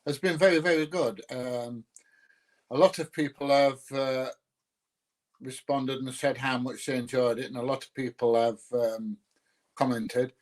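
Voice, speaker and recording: A man's voice: medium pitch, steady tone, unhurried. A man from North Nottinghamshire with a South Yorkshire accent, chatting casually on a live stream, rambling with many ums and uhs and greeting viewers by name. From North Nottinghamshire, England. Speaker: YouTuber greeting live chat.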